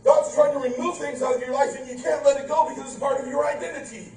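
A man's voice: very high voice, fairly even intonation, quick pace, a little mellow. A male pastor preaching a fervent, emphatic sermon full of rhetorical questions and humorous asides. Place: church sanctuary, indoors. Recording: echoey church from far off, faint room noise.

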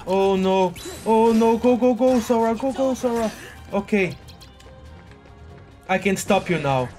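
A man narrates his own gameplay in a drawn-out, unhurried way, though he keeps bursting into exclamations and curses at a tough boss. Faint game music plays underneath his voice. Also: high voice. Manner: excitable, exclaiming and cursing at a boss fight. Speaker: gaming video host. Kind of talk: live gameplay commentary.

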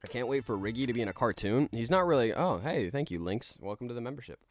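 A man's voice: medium pitch, animated, fast. A man streaming a game live, rambling in a laid-back way with many restarts as he reads out chat. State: tired.

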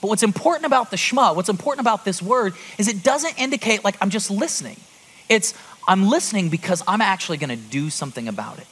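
A man in his thirties preaching a sermon to a congregation, conversational and lively, with rhetorical asides. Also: high-pitched, fast, slightly rough. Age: 30s. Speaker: pastor. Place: church auditorium before a congregation.

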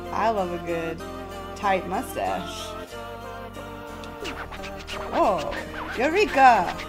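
Woman putting on a slow, pompous cosmic king. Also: medium pitch, exaggerated voice. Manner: slow, drawn-out, self-important reading. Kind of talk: reading game dialogue aloud in a voice.

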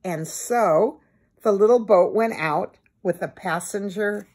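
Slow, gentle woman reading a bedtime story. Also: medium pitch, slightly rough. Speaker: storybook reader. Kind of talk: reading a children's book aloud.

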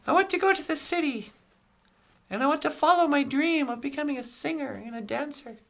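Brief: cheerful rambling male frog puppet, high and gravelly, telling a joke. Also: fairly quick, a bit bright, full character voice. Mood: joking. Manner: rambling storyteller with restarts and asides. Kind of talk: comedic call-in impression.

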